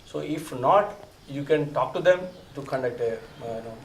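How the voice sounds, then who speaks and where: A man in the audience sharing information, halting, with frequent fillers. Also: medium pitch, animated, slight background noise. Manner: halting, with frequent "you know". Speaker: audience member. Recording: echoey room, voice from far off.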